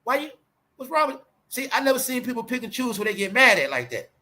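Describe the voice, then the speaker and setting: A man hosting his own channel, delivering a confrontational, profane commentary rant straight at his viewers, mocking and repeating himself, pushing his voice toward a shout at times. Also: very high voice, very animated, fast talker. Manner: raises voice to near shouting at times. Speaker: channel host.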